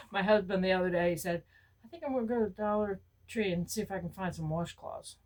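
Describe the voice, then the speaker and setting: An older woman, chatting casually to camera about her shopping haul and retelling stories, often jumping up high when she quotes herself. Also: fairly quick, darkish tone, a little hiss or hum, low-quality recording. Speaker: vlogger showing store purchases.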